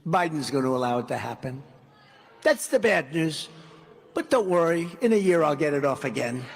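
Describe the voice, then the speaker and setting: A man with a fairly high, very animated voice speaks at a moderate pace, delivering a rambling, off-script campaign speech at a big rally. He repeats himself and acts out dialogue along the way, and the long reverb of a large hall hangs on every word.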